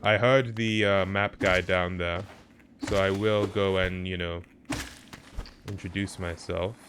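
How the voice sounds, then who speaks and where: A man's voice: sits low, steady tone, slow, fairly bright tone. A young man streaming a video game, chatting casually and reacting to his chat over noisy audio. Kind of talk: casual live-stream commentary.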